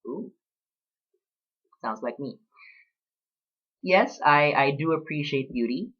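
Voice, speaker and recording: A man in his late twenties talking reflectively in a casual personal vlog, pausing often with fillers as he talks about books. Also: fairly high pitch, fairly bright tone, dull audio. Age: late 20s. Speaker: vlogger.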